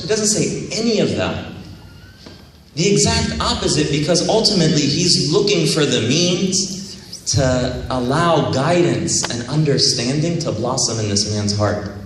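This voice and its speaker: A man giving a religious convention talk, retelling a story in a conversational, animated way. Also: on the high side. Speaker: religious speaker. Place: large convention hall. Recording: very echoey hall, distant mic, faint noise.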